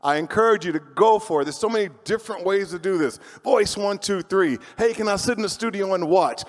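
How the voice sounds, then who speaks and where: Male panelist, lively motivational storyteller, hall reverb. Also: high voice, brisk, few pauses. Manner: animated, motivational, jokey. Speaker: voice actor on a panel.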